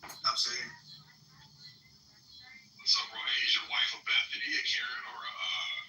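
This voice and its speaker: Blunt guy cursing away in a podcast chat, bright edgy voice, echoey room. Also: mid-range voice, a little slow, slight background noise. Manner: blunt, swears freely. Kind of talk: casual group chat. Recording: roomy, distant-mic recording.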